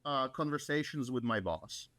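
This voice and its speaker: A man speaking as a guest in a casual chat, talking in a measured, halting way and repeating words as he thinks. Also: medium pitch, expressive, a bit bright, no room sound.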